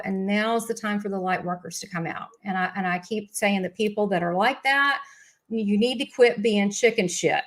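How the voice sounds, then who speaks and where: A woman's voice: medium pitch, normal speed. A woman with a Southern US accent hosting a live spiritual show, chatting in a gushing, rambling way with many asides. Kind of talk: casual live-stream chat.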